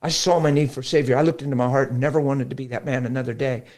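A middle-aged man, a pastor, talking about faith in a lively conversational preaching style, acting out quotes as he tells stories. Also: medium pitch, rapid-fire. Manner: animated storytelling, acts out quotes. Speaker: pastor guest.

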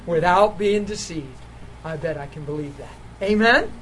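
A man preaching a sermon, telling a healing story with laughter and sudden excited jumps in his voice. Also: normal speed, crowd noise, poor audio. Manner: animated storytelling, laughing, voice jumping high when excited.

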